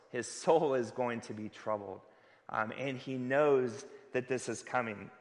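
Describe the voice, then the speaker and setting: A man's voice: mid-range voice, fairly bright tone. A man preaching a sermon as pastor, earnest and conversational, with rhetorical questions to the congregation. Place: church sanctuary. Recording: long hall reverb.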